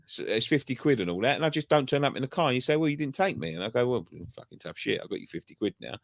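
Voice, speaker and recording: A man's voice: medium pitch, expressive, rapid-fire, creaky, no room sound. Male fan-channel presenter, casual pub-chat storyteller, heavy swearing, dry close recording. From England. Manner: sweary storytelling, rambling with restarts.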